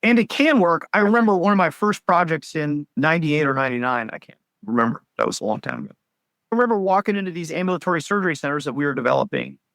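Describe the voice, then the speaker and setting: A man's voice: fairly high pitch, animated, fast, fairly bright tone, dry recording, studio quality. A man in his forties, a healthcare executive guest telling stories with enthusiasm. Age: 40s. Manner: enthusiastic storyteller, agreeable. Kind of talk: casual interview chat.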